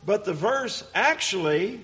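A man preaching a sermon, teaching deliberately and emphatically and asking rhetorical questions. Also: high-pitched, animated, a bit bright. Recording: dull lo-fi recording.

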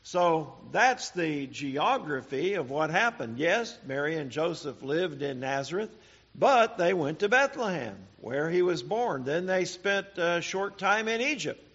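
A man teaching a Bible study sermon, speaking deliberately with "uh" pauses and rhetorical questions. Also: on the high side, very animated, a bit bright, lo-fi sound.

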